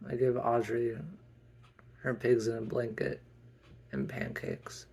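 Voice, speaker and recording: A man telling a first-person role-play story in a slow, halting way with frequent restarts. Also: medium pitch, sing-song, gravelly, a little mellow, slightly rough.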